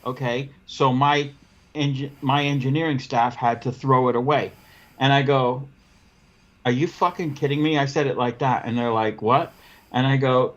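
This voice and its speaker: A man hosting a casual podcast, telling a work story in an animated way and acting out the dialogue. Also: medium pitch, dull audio. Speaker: podcast host, window cleaning business owner.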